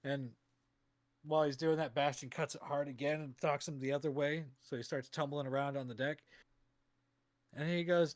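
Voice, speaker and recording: A man's voice: a little high, fairly even intonation, moderate pace, dry recording. A man running a tabletop game on a live stream, narrating in a casual way. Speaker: game master.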